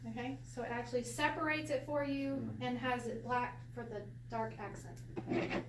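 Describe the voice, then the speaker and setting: A high-pitched woman runs a relaxed Hebrew class, chatty and quick to laugh. She is heard from a distance in an echoey room, with a faint hiss underneath. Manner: chatty, laughs often, animated storytelling. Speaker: Hebrew teacher. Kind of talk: casual classroom lesson.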